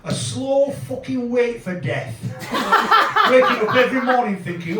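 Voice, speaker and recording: A man in his fifties with a Yorkshire accent, doing a sweary, deadpan stand-up set in a small pub room. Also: very high-pitched, unhurried, roomy sound, distant mic, heavy background noise. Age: 50s. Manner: crude, swearing, deadpan storytelling. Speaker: stand-up comedian. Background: audience laughter.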